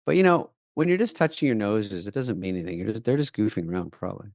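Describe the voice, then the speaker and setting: A man's voice: on the low side, lively intonation, fast, vocal fry, a little mellow, no room sound, clean studio sound. A man co-hosting a casual comedy podcast, cracking profane jokes as he reacts to clips. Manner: wisecracking, profane, laughs easily. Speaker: podcast co-host.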